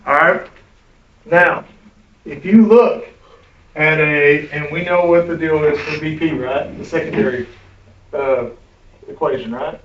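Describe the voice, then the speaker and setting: A man lectures a class in an easygoing, conversational way, often pausing to ask "right?". His voice sits a little high and carries through a roomy, echoing classroom. It is picked up from some distance on a muffled recording. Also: slight background noise. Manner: conversational, keeps checking in with "right?". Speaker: instructor.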